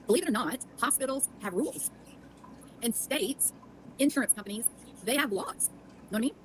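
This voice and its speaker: A woman's voice: on the high side, slight background noise, low-quality recording. A middle-aged woman giving sarcastic commentary on online drama, quizzing her audience as she goes.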